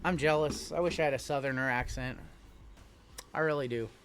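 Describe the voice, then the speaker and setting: Over a noisy background, a man hosts a live card-break stream in a brisk, steady mid-range voice. He keeps it casual and chatty, reeling off long lists of names and teams while responding to chat.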